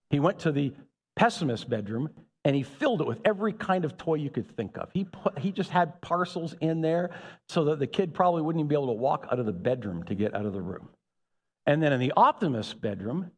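A man preaches with a high, swooping voice that rises and falls constantly. He keeps checking in with the congregation as his words ring through a long-reverb church hall. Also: breathy edge. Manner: animated, calls out to the congregation. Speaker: pastor. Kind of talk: sermon. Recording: echoey hall.

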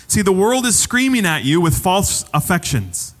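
A man's voice: high-pitched, big pitch swings, moderate pace, a bit bright, in a large hall. A man preaching a sermon as pastor, conversational and repeating phrases for emphasis.

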